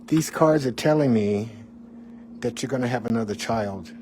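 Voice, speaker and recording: A man retelling the words of a calm, insistent female tarot reader. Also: mid-range voice, normal speed, slight background noise, natural voice.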